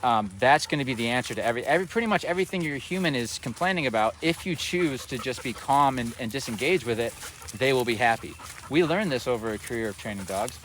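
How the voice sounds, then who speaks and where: A man working as a dog trainer, explaining his methods in a relaxed way outdoors and often checking in with "right?". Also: mid-range voice, fast. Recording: distant mic outdoors, faint background noise.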